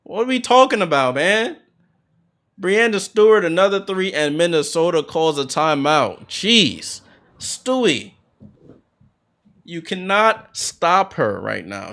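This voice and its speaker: A man hosting a basketball watchalong, calling the plays as an excited fan with sudden bursts of hype. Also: on the high side. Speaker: watchalong host doing play-by-play. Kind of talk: fan play-by-play commentary.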